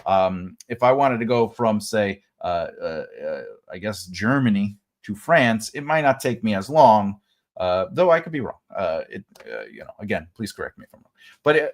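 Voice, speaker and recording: A man from the United States giving a casual, rambling live writing lesson, full of fillers and restarts. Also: on the low side. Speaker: writing teacher.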